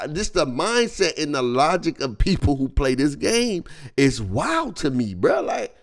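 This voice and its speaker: A man's voice: a little high, a little slow. A man streaming, ranting in a loose, slangy way and laughing as he goes. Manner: animated, slangy, laughing as he rants. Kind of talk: reaction stream rant.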